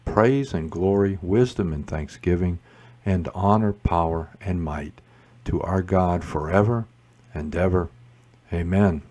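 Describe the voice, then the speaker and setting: A man leading morning prayer, reciting psalms and responses in a measured liturgical way. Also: low-pitched, warm tone. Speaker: prayer leader.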